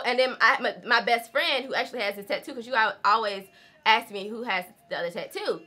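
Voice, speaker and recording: A woman's voice: on the high side, normal speed, sharp tone. A woman, chatting casually to her viewers, laughing often and calling them y'all. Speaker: vlogger. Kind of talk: casual chat while doing her hair.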